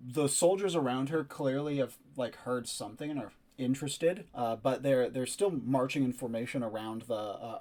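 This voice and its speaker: Acting as game master for a tabletop session, a man lays out scenes at a measured pace with filler words. His voice sits in the mid range and sounds a little mellow.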